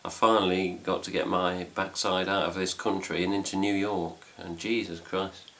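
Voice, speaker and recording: A man's voice: sits low, flat delivery, moderate pace, a bit bright, slight background noise. A middle-aged man with an English accent, rambling casually to camera at home as host of a fan news video, swearing lightly as he goes. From England. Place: home room with cats.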